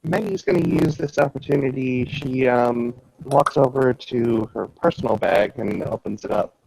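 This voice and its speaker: A man player describing his character's actions in a halting, gentle way. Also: mid-range voice, gravelly, a little hiss or hum, low-quality recording. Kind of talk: describing actions in a tabletop game.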